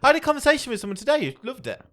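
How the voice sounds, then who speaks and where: A man's voice: very high-pitched, sing-song, very fast, fairly bright tone. A man, co-hosting a casual podcast and reading out entertainment news. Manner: chatty, reads out news items. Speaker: podcast co-host. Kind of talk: casual chat.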